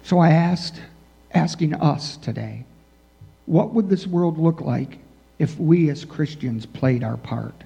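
A man's voice: on the high side, expressive, takes it slowly, creaky, warm tone, husky. A man preaching a sermon in a church, talking conversationally with many "you know" asides. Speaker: pastor. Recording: dull sound with long hall reverb.

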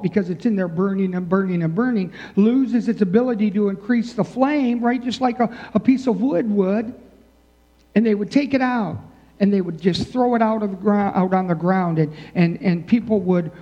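A man's voice: high-pitched, warm tone. A man preaching a sermon in a church, talking conversationally with many "you know" asides. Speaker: pastor. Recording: dull sound with long hall reverb.

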